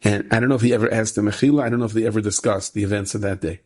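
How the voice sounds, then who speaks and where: A rabbi telling a story in an animated sermon style, repeating phrases for emphasis and jumping into high voices for the characters. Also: male voice, very fast. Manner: animated, acts out characters with sudden high-pitched quoted voices.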